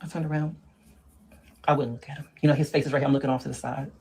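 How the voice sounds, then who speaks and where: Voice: mid-range voice, steady tone, very fast, a little mellow, husky, poor audio. A performer playing a sassy middle-aged woman who lectures on dating in a comedic monologue and keeps calling the listener girl and honey. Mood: sassy lecturing. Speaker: relationship advice monologue.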